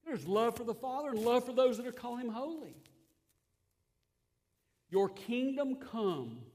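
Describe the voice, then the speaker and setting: A man preaching a sermon, emphatic and given to repeating his phrases, dropping to quiet asides and then rising again. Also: very high voice, fast talker.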